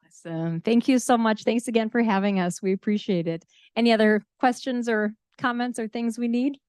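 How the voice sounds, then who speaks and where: A woman's voice: on the high side, steady tone, brisk, a little mellow, clear, resonant tone, no room sound, clean studio sound. Upbeat woman thanking a school board. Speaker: visiting group leader. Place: school board meeting room.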